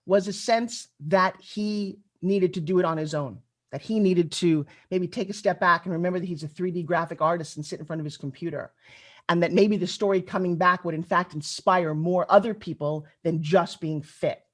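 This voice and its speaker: Animated middle-aged woman giving a keynote. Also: on the low side, normal speed. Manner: animated, chatty, addresses the audience directly. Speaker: keynote speaker. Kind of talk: conference keynote storytelling.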